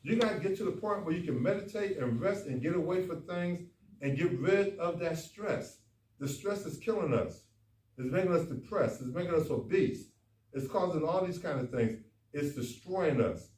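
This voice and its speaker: A man, a doctor, giving a folksy, animated talk at a men's conference, speaking straight to the audience. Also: a little high. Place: conference room. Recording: echoey hall, far from the mic, faint noise.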